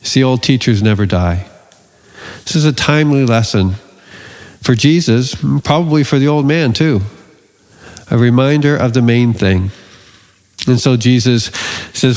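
A man's voice: medium pitch, normal speed, darkish tone, big-room sound. A man preaching a sermon, telling the story with playful jokes. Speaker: pastor.

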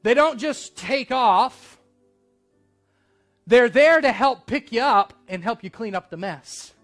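High-voiced man preaching a sermon. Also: expressive, slow pace, fairly bright tone, soft background music. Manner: storytelling, conversational and earnest. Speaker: pastor.

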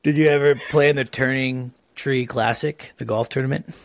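A man from Oregon, USA, hosts a relaxed podcast chat, rambling through stories at normal speed with plenty of "uh" and "you know." His voice is mid-pitched and creaky. He's on his own mic over a remote call, recorded dry and close.

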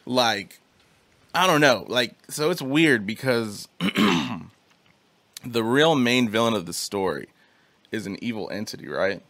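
A man's voice: mid-range voice, lively intonation, slow pace, fairly bright tone, no room sound. Laid-back slangy young man, dry close sound. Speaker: podcast host. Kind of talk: casual chat.

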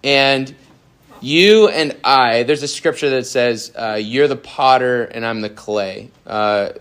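A young adult man giving a youth sermon in a casual, animated way, with many fillers. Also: mid-range voice, slow pace, clear, resonant tone. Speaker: youth pastor.

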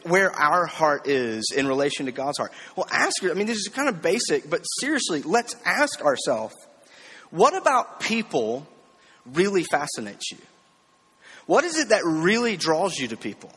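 A man's voice: on the high side, big pitch swings, moderate pace, a bit bright, breathy edge, big-room sound. A man preaching a conversational sermon, often checking in with rhetorical questions and slipping in light self-deprecating jokes. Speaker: preacher teaching a series.

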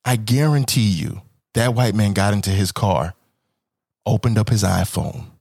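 A man's voice: fairly low pitch, a little slow, a little mellow, no echo, studio quality. A man from Kansas City, Missouri, hosting a podcast and telling a comic story, acting out voices and swearing freely. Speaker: podcast host.

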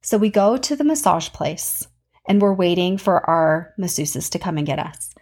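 A woman in her thirties hosting a podcast, chatting casually about her week in an animated storytelling voice that jumps up in pitch when she gets excited. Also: moderate pace, husky. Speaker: podcast host.

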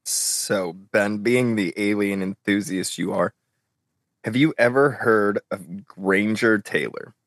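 A man's voice: lowish voice, slow pace, dry recording. A man on a podcast in casual chat, laid-back, telling a mystery story and swearing now and then. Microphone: headset and desk mic.

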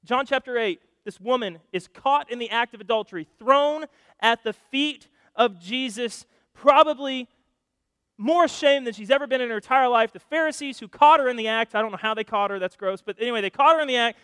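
A male pastor preaching a sermon, telling stories with animated shifts between loud and hushed delivery. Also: very high voice, brisk, no room sound, clean studio sound, long reverb tail.

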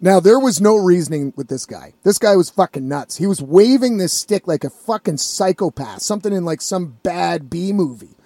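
Dude with a high voice rambling through a story, swears a lot, dry close sound. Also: male voice, normal speed, few pauses, no echo. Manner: profane, rambling, animated. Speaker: vlogger telling a story. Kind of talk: casual storytelling.

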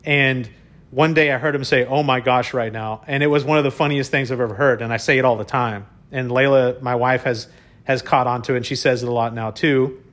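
Brisk and medium-pitched, a man shares a personal story in an excitable, offhand monologue. He trips over his words, repeats himself, and keeps dropping "y'all" along with some mild cussing.

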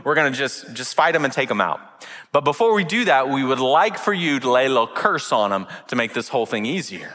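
A bossy, scheming king, as a preacher puts him on, coaxing and pressing in a bright voice dropped low. A long hall reverb trails every line. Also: very animated, fairly quick. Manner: pushy, persuasive. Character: scheming ancient male king, pushy and bossy.

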